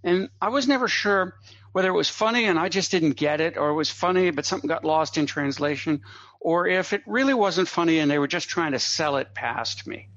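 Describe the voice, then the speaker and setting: A man telling a long anecdote as a guest on a podcast, a lively raconteur who drops in asides and chuckles. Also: on the high side, a little fast. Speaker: guest comedy writer. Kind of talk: anecdotal storytelling in a podcast interview. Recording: dull, slightly lo-fi dry audio.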